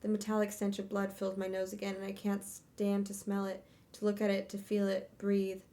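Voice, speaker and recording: A woman's voice: medium pitch, completely flat delivery, moderate pace, warm tone. Young female streamer, home setup, first-person novel reading with offhand breaks. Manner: reads in first person, breaks off to laugh and curse. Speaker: streamer hosting a book club reading. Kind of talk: reading a novel aloud with casual asides.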